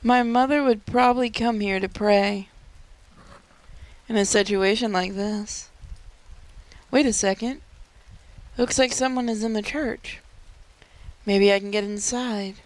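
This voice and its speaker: A woman's voice: medium pitch, steady tone, a little slow, pauses often, close to an everyday voice. A woman reading a scared, insistent young heroine. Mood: worried. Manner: urgent, worried pleading. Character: frightened young woman, stubborn and earnest. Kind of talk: reading game dialogue aloud.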